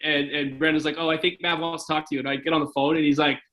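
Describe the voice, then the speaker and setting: A man's voice: on the high side, little pitch movement, racing, pushed and bright, poor audio. A man in his forties from Canada, a former hockey goalie telling stories in a casual interview, rambling with lots of "like" and "right?".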